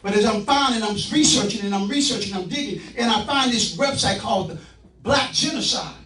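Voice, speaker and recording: A man with a fairly high voice tells a personal story as public testimony, earnest and fervent. He is picked up from a distance in a roomy council chamber. A faint hum of the room sits underneath. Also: brisk, sharp tone. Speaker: speaker giving public testimony. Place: city council meeting room. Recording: echoey room from far off.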